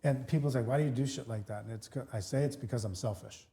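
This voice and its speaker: A man tells a long anecdote on a podcast, quoting people as he goes and often restarting his sentences. His voice sits in a middle pitch with a mellow, dark tone. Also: fast. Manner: animated storyteller, many restarts, acts out both sides of dialogue. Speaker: podcast co-host, real estate broker. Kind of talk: casual storytelling chat.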